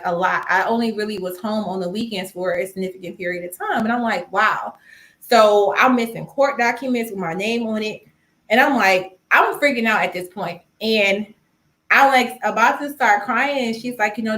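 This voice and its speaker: Woman telling a personal story, roomy echo. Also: medium pitch. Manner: animated storytelling, acting out quoted dialogue. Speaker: host of a personal finance live stream. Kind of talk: casual storytelling to a live audience.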